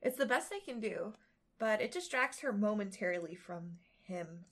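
A woman's voice: mid-range voice, animated, moderate pace. A woman co-hosting a casual podcast, reading a novel aloud and breaking off into joking asides.

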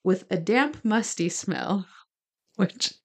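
A woman's voice: medium pitch, lively intonation, slow pace, creaky, breathy edge. A woman co-hosting a podcast, telling a true-crime story from her notes with chatty asides. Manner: gestures while talking. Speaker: podcast co-host.

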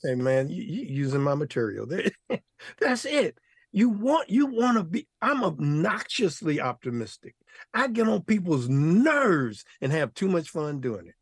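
A man's voice: fairly high pitch, big pitch swings, measured pace, breathy edge, dry recording, clean studio sound. An older man, a guest author, telling stories with exuberant energy, laughing often and using playful slang. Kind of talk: animated storytelling interview.

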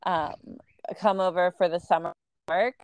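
A woman's voice: fairly low pitch, steady tone, measured pace, smooth, no room sound. Chatty, enthusiastic American woman host. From United States. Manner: enthusiastic, laughs often, many fillers. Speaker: podcast host. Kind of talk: casual podcast chat. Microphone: remote call recording.

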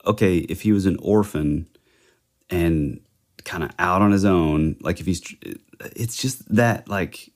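A man with a low voice chats casually on a podcast. He thinks aloud as he goes, hesitating and filling pauses with "like" and "you know.". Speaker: podcast co-host. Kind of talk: casual chat.

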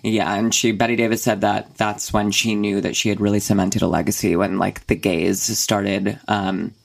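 A woman's voice: a bass voice, little pitch movement, normal speed, creaky. A young woman co-hosting a podcast from a bedroom, chatting casually, rambling and swearing with frequent laughs. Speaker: podcast co-host. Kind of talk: casual chat. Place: home bedroom with a radiator.

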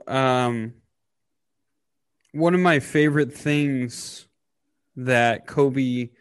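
A man in his thirties talking casually on a podcast, halting with many fillers and getting choked up. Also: mid-range voice, clean tone, dry recording, studio quality. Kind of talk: casual emotional podcast talk.

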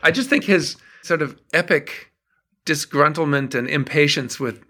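A middle-aged songwriter from Minnesota, chatting as an interview guest and telling animated stories. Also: male voice, fairly high pitch, measured pace. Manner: animated storyteller, acts out quotes. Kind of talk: casual interview chat.

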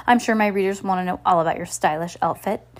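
A woman's voice: mid-range voice, quick pace, lightly acted. Woman reading as gossipy female reporter, breathless, gushing, pleading. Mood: eager.

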